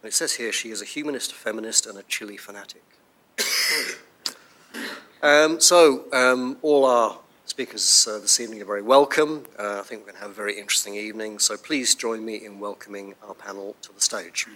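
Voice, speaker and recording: A man hosts a panel evening, reading speaker bios with small asides. His voice sits fairly low but rings bright and forceful. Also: a little fast. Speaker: event host, moderator. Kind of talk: formal introductions. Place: lecture hall.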